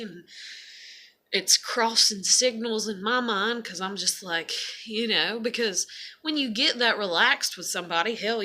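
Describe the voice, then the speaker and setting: A woman's voice: mid-range voice, sharp tone. A woman talking casually to camera in a confessional vlog, rambling with lots of fillers and swearing. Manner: rambling, profane, many fillers. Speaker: vlogger.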